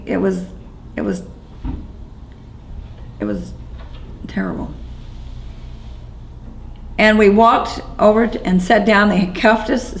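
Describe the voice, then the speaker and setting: A woman being interviewed, telling what she witnessed in a shaken, halting way, often restarting and repeating words. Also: mid-range voice, low-quality recording. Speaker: interviewee recounting events as an eyewitness. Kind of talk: first-person eyewitness account.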